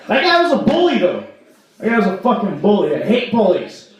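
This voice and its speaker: High-voiced young man doing stand-up. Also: wildly swooping pitch, moderate pace. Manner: rambling, filler-heavy, mock-outraged. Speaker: open mic comedian. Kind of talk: stand-up comedy set. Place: small bar stage. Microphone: stage microphone. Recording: echoey room, voice from far off.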